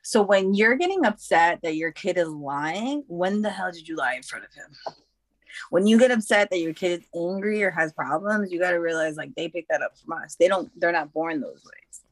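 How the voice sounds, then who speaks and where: A woman's voice: fairly low pitch, expressive, moderate pace, dry recording. A woman talking frankly and emphatically in a casual chat, with slang and a preachy streak.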